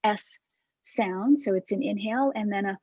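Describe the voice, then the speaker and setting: A woman instructor calmly guiding a movement class over a video call, demonstrating breaths. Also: medium pitch, normal speed, no echo, highs cut off. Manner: calm, soft-spoken cueing with breathy demonstrations.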